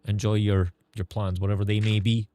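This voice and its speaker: A man's voice: on the low side, level tone, fairly quick, mellow, a little hiss or hum. A man streaming a game, chatting casually with viewers in a sarcastic tone and swearing freely.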